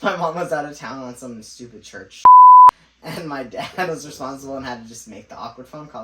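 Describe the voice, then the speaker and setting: Bright-voiced man, echoey and off-mic. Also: mid-range voice, normal speed, slight background noise. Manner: laughing, rambling storyteller. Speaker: podcast co-host. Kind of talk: casual chat. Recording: echoey room, mic at a distance.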